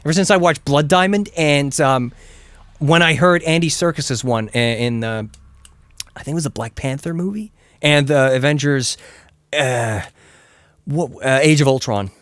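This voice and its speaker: A man streaming a video game with casual commentary, excitable, swearing and begging his character to survive. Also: a little high, moderate pace, no echo. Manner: excitable, begs and yells at the game, swears freely.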